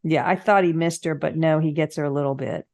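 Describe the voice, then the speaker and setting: A woman's voice: sits low, steady tone, gravelly, a little mellow, no echo, studio quality. A woman co-hosting a podcast, chatting casually about a movie with easy amusement. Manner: chatty, amused, quick to laugh. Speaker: podcast co-host. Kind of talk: casual movie recap chat.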